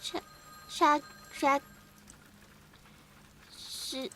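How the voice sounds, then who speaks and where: A young woman streamer reading a story game aloud, often breaking off into excitable squeaky outbursts. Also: a little slow, pauses often, faint music behind, poor audio.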